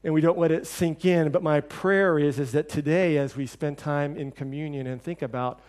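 A middle-aged man preaching a sermon, telling stories and acting out quoted voices with lively shifts. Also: normal speed. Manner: storytelling, acts out quoted voices with lively shifts in pitch and level. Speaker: pastor.

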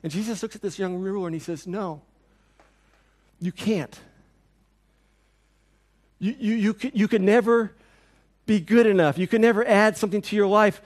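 High-voiced man preaching a sermon. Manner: earnest, repetitive preaching cadence. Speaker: pastor. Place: church.

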